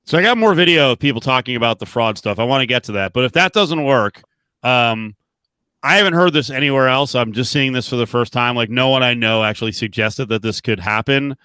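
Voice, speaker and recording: A man's voice: mid-range voice, fairly quick, bright, forceful tone, smooth, no room sound. A man hosting a podcast, casually reading viewer questions and news headlines. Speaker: podcast host.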